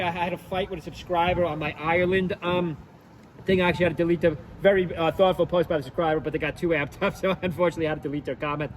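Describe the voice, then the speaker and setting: A high-pitched man hosts his own channel and talks loosely through his picks, repeating lines and thinking aloud. Faint street traffic can be heard in the background. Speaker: esports YouTube host. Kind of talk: casual commentary and predictions.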